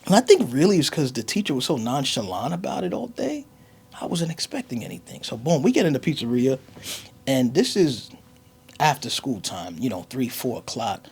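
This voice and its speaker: Gravelly animated man. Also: medium pitch, moderate pace. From United States. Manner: animated, slangy, dips into soft whispers. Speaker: comedian. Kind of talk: comic storytelling monologue.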